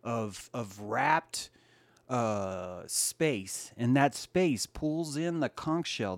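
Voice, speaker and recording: A man hosting a casual livestream talk show, swinging between loud, mocking rants and low, muttered asides while greeting chat viewers by name. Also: no room sound. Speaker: livestream podcast host.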